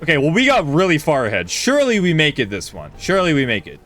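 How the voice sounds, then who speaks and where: Animated, swearing male gaming streamer. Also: on the high side, quick pace, soft background music. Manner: animated, swears freely, talks to chat. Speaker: streamer and speedrunner. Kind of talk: live gameplay commentary.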